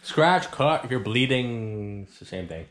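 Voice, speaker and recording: A man's voice: medium pitch, animated, measured pace, crowd noise. A young man casually vlogging at home with friends, rambling, swearing and laughing a lot. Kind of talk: casual vlog chat with friends. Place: indoors at home, bedroom. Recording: echoey room, faint noise.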